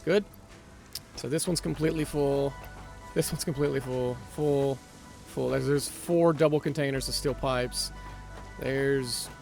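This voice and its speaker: Gravelly guy muttering thru his factory game, keeps correcting himself, music going in the background. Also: mid-range voice, a little mellow. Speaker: gaming channel host. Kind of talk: casual let's-play commentary.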